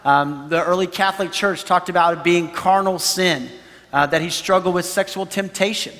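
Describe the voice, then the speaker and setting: Pastor guy preaching, kinda high voice, chatty, lots of "you know", big reverby hall. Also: normal speed, a bit bright. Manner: conversational preaching with frequent "you know" and "right?". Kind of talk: sermon.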